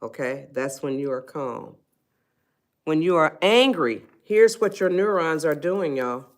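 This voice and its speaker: A woman's voice: low voice, expressive, unhurried. A woman hosting a casual live stream, chatting with viewers and coaxing them to reply. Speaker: livestream host, life coach.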